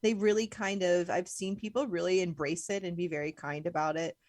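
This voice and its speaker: A woman's voice: lowish voice, fairly even intonation, a little fast, a little mellow, dry recording, studio quality. A young woman co-hosting a casual podcast chat. She talks in a chatty way, uses lots of "like" fillers, and laughs often. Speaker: podcast co-host.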